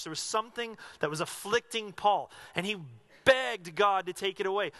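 A male pastor preaching a sermon, earnestly asking his congregation question after question and dropping to a hushed voice when he voices a prayer. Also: high voice.

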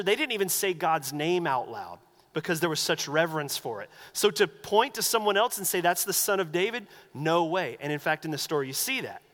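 A man preaching a sermon as pastor, animated and acting out the voices he quotes. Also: fairly high pitch, big-room sound.

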